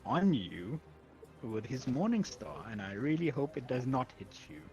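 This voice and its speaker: A man narrating a tabletop game as game master, telling the action in a lively way and laughing often. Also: medium pitch, a little slow, dull audio, soft background music.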